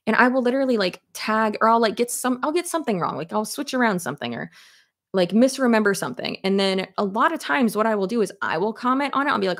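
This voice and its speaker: A young adult woman in casual commentary chat, talking to her audience, animated and swearing freely, with many fillers. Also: mid-range voice, quick pace. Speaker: commentary YouTuber.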